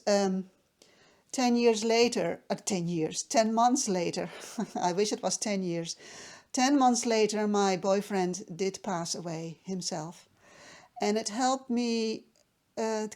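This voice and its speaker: A woman's voice: medium pitch, a little mellow. A woman from the Netherlands telling a personal story to the camera, hesitant and emotional, with many restarts.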